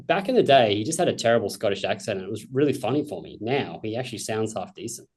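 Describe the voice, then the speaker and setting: A man's voice: fairly low pitch, animated, quick pace, darkish tone, slightly rough. A man with an Australian accent hosting a casual interview, enthusiastic and swearing freely. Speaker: podcast host.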